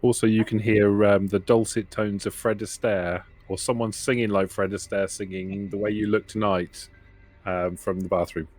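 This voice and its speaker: A player in a tabletop role-playing game, playful and joking, quick to laugh. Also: low-pitched, little pitch movement, darkish tone, no room sound, faint music behind. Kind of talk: casual tabletop role-play.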